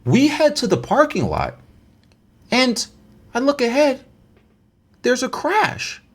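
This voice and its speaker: Man rambling through a story, lively pitch. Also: slow pace, husky. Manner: rambling, stammering restarts, slangy. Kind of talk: casual story time.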